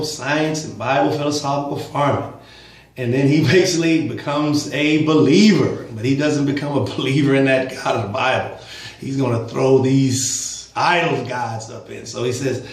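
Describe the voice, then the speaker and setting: A man's voice: medium pitch, reverberant, rough recording. A man vlogging casual religious commentary, speaking emphatically with chuckling asides.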